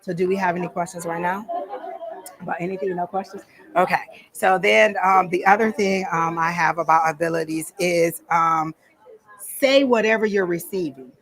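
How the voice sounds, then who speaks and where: A woman's voice: on the low side, normal speed. Chatty woman teaching a psychic workshop. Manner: chatty and conversational, asks the audience questions. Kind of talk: informal workshop talk to an audience. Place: room at a psychic fair.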